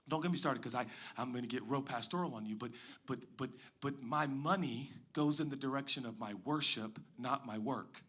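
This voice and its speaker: A man preaching a sermon as pastor, moving between loud emphatic lines and quiet hushed asides. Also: medium pitch, slightly rough. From Pacific Northwest.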